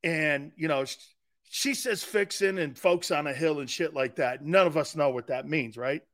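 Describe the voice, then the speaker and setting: Brash, bright-voiced sports talk host. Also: male voice, fairly high pitch, moderate pace. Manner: brash, joking storyteller, acts out quotes. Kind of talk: animated sports radio monologue.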